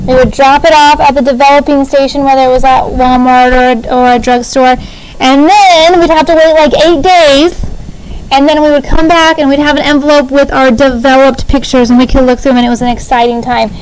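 A middle-aged woman teacher leading a class through spelling words, patient and slow as she spells them letter by letter. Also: high-pitched, fairly even intonation, a little hiss or hum, low-quality recording. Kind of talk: classroom spelling lesson over video.

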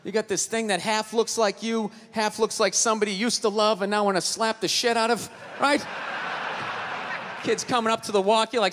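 A man doing a stand-up set on stage, ranting and swearing, often shouting his punchlines. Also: sits high, fairly even intonation, a little fast. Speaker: stand-up comedian. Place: comedy stage before a laughing audience. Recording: live show, long hall reverb, faint noise.

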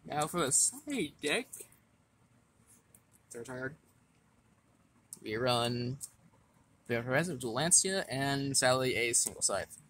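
A man casually walking through his card game deck, reading effects aloud in a halting way with stumbles and restarts. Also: medium pitch, big pitch swings, a bit bright, a little hiss or hum.

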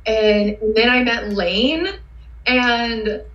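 A woman guest telling excitable, rambling stories with lots of fillers in a casual interview. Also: a little high, very slow. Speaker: guest cosplayer. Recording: roomy, dull sound.

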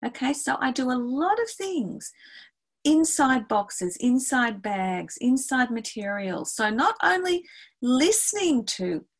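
A woman's voice: high-pitched, very animated, slow pace, poor audio. A middle-aged woman, a music educator, explaining classroom activities step by step in a webinar and acting out her exchanges with the class. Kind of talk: webinar teaching talk.

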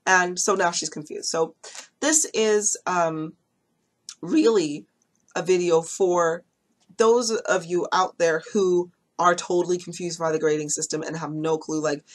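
A woman's voice: fairly low pitch, measured pace. A woman who runs a hair extension business, chatting casually to camera and telling a story with lots of ums and acted-out quotes. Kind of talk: casual talking-head vlog.

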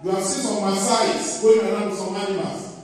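A man's voice: sits high, steady tone, fairly quick, darkish tone, slight background noise. A man preaching a sermon in church, calling out to the congregation and asking them to answer. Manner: call-and-response preaching to the congregation. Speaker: pastor. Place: church hall. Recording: echoey hall, preacher far from the mic.

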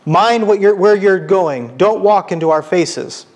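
A man reading aloud, voicing a surly, mistrustful male dwarf with a gruff, rude manner. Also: high voice, moderate pace, lightly acted. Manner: read aloud from a book.

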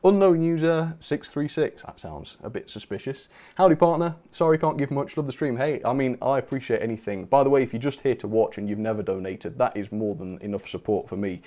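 Guy doing a live stream, chatty, mid pitch, perks up on each name. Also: a little fast, hardly any pauses. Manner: chatty, lively, reads viewer names with bursts of enthusiasm. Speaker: channel host. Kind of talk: live stream chat, reading donations.

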